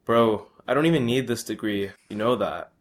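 A man's voice: fairly low pitch, normal speed, natural voice. A man voicing his cocky young male friend, who talks in laid-back slang and boasts about his game.

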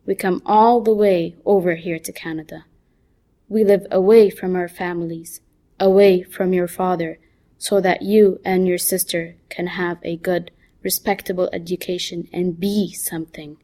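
A woman voicing a stern middle-aged mother who lectures her son in a calm, firm, measured voice. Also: lowish voice, lightly acted.

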